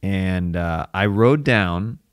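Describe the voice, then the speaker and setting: A man hosting a casual comedy podcast, playful and animated, often breaking into silly singing. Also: low-pitched, slow pace, no room sound, studio quality. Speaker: podcast host.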